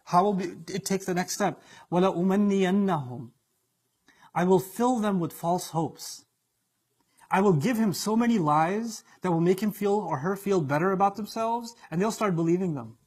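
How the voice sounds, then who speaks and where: A man's voice: sits high, moderate pace, slightly rough. A man preaching a sermon with emphatic delivery, acting out the voices he quotes.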